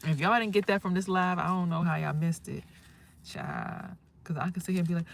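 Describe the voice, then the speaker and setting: A woman with a fairly low voice hosts a casual livestream. She gives spiritual advice in a loud, emphatic and preachy way, swearing freely. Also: brisk, vocal fry, a little hiss or hum. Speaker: livestream host.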